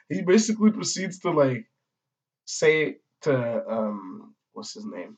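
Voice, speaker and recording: A man's voice: on the high side, expressive, unhurried. Rambling, slangy man on dull lo-fi audio. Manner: rambling, slangy, swears, many fillers. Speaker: manga reviewer. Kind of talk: casual review chat. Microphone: audio-only recording.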